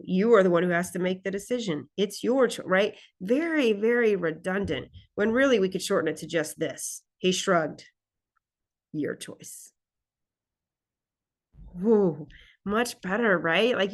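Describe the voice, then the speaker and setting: A woman teaching a college English class, talking in a relaxed, conversational way and often checking in with "right?" and "okay?". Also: medium pitch, moderate pace, few pauses. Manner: reads example lines aloud expressively. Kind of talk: recorded class lecture recap.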